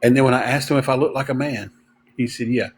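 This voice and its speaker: A man's voice: mid-range voice, steady tone, quick pace, husky, low-quality recording. Rambling man telling stories. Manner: rambling, filler-heavy, chuckling. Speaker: livestream host. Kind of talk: casual storytelling to viewers.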